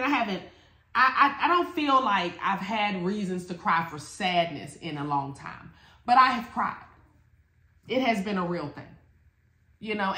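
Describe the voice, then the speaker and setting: Blunt, cussing woman, bright voice. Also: mid-range voice. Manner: blunt, profane, animated storytelling. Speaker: spiritual teacher and reader. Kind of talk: casual motivational talk. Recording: echoey room.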